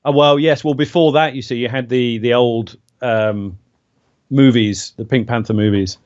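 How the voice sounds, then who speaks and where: A male voice actor telling stories in a relaxed stream interview, rambling with many fillers and pauses. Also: medium pitch, dull audio. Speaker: voice actor guest. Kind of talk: casual interview over a stream.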